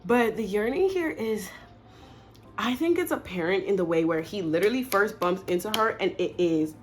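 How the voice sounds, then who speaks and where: A woman's voice: medium pitch, lively intonation. A young woman in casual chat, gushing about stories she loves and briefly acting out the characters' lines. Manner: gushing, chatty, acts out characters' lines in quick asides. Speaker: video creator recommending stories.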